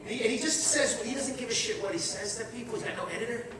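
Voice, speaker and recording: A middle-aged man performing a brash, profane stand-up comedy set with shouted bursts. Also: very high-pitched, quick pace, background noise. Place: comedy show venue. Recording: echoey room, distant mic, audience.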